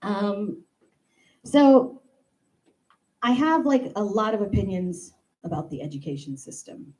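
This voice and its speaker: A woman in her thirties performing a stand-up comedy monologue, animated and playful, acting out the voices in her stories. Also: mid-range voice, takes it slowly, rough recording. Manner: animated, acts out quoted voices, playful asides. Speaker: comedian doing a stand-up bit.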